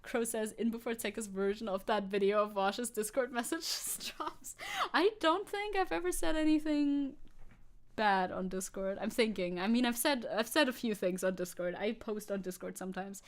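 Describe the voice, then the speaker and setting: A young woman from Germany streaming as a VTuber, chatting casually with her audience, reading comments aloud and laughing often. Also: moderate pace. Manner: chatty, laughs often, reads chat aloud, jumps high when excited. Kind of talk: casual livestream chat.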